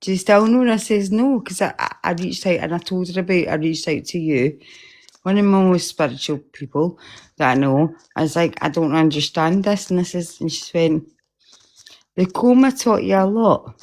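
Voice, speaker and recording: A woman talking in a casual, rambling way about a spiritual encounter, emotional and quick to laugh. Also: lowish voice, a little mellow. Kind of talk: casual chat.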